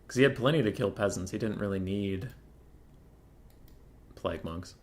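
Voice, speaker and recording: Here a young man with a lowish voice and moderate pace streams a competitive strategy game. His casual commentary covers matchups and is broken up by rants of pretend fury.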